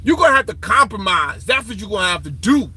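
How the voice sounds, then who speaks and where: High, husky, taunting male lecturer. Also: very animated, quick pace, bright, forceful tone, low-quality recording. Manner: confrontational, taunting, quizzes listeners. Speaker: online lecturer. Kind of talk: profane ranting lecture.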